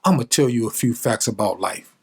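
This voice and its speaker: A man's voice: mid-range voice, animated, a little fast, slightly rough. A man doing a stern lecturing father. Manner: lecturing, demanding answers. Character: stern big father lecturing his son.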